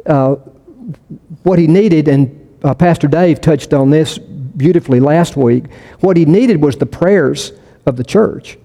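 Guy pastor preaching, kinda high mellow voice, loose chatty delivery, long church echo. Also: measured pace. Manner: conversational, with frequent restarts and repetition for emphasis. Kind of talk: sermon.

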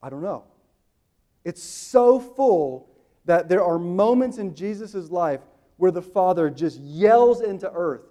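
A man in his thirties preaching a sermon, booming slow on quoted lines and dropping quick and hushed in his asides. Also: lively intonation. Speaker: pastor.

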